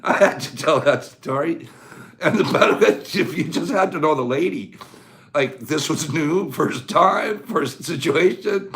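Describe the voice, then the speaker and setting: A man's voice: fairly high pitch, animated, measured pace, a bit bright. A man hosting a casual talk show, telling a funny story in a rambling way and laughing as he goes. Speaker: host.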